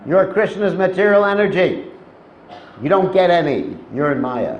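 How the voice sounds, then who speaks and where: A man's voice: sits high, sing-song, normal speed, echoey room, lo-fi sound, slight background noise. A man doing a stern, dismissive Lord Shiva.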